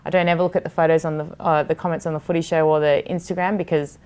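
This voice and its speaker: A woman's voice: deep voice, level tone, rapid-fire, darkish tone, smooth. A woman in her thirties who hosts a TV sports show, talking candidly and passionately in a casual podcast chat, swearing freely. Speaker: TV sports host, guest.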